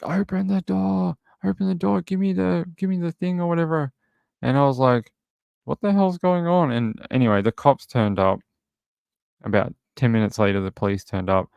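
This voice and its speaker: A man's voice: medium pitch, gravelly, a little mellow, no echo. A man hosting a true crime livestream, rambling casually and thinking aloud.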